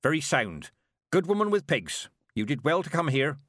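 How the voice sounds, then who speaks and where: A stern old witch woman who talks in short, blunt, clipped phrases, played by a man. The voice is lifted above his own and slowed. The recording is dry. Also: fairly high pitch, big pitch swings, a bit bright, no echo, voice pushed up. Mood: curt.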